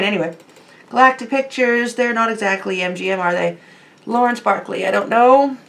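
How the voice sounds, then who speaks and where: A woman casually commenting on a game and reading its text aloud, with many pauses and fillers. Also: medium pitch, vocal fry, a bit bright. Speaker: game streamer.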